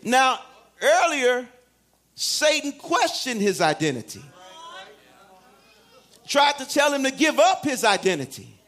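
A man delivers a sermon in a church, his voice sitting unusually high. He moves between shouted declarations and hushed asides, acting out the voices he quotes. His tone is bright and pointed. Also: very animated, slow pace, pauses often, a faint crowd. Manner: dramatic, swings from shouts to hushed tones, laughs often. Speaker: preacher.

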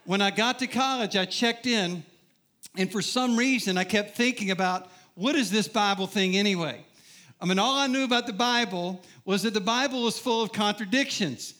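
A man's voice: high-pitched, a little fast, sharp tone. A middle-aged man preaching a sermon, telling his own story with humor and putting questions to the crowd. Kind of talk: sermon testimony.

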